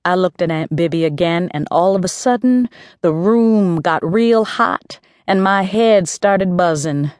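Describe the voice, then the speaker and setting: A woman's voice: fairly low pitch, lively intonation, unhurried, darkish tone, dry recording, clean studio sound. A woman narrating a first-person audiobook in a gritty, slangy street voice.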